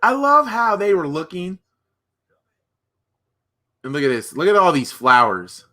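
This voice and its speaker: A man reacting live on a watch-party stream, his voice bright and forward and sitting a bit high for a man. He rambles excitedly and piles up exclamations. His sentences often restart and trail off. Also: measured pace.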